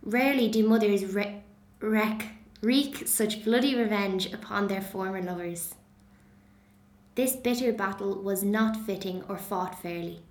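A woman from Dublin speaks with a neutral Dublin Irish accent at an average pitch. She reads steadily, then talks about herself in an easy way with plenty of ums. The sound bounces around an echoey room. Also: measured pace. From Dublin, Ireland. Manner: relaxed, with frequent ums. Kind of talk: reading a passage, then casual talk about her accent.

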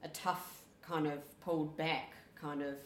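A woman's voice: low-pitched, flat delivery, measured pace, slight background noise. A young woman with a New Zealand accent chatting casually, rambling with many fillers. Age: young adult. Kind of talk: casual chat. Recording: echoey room.

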